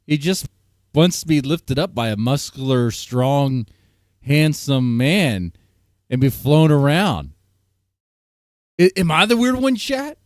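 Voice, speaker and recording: A man's voice: fairly high pitch, sing-song, slow, long pauses, no echo, clean studio sound. A man hosting a live stream, chatting casually with a guest and his audience in a joking, laughing manner. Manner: laughing, joking, playful asides.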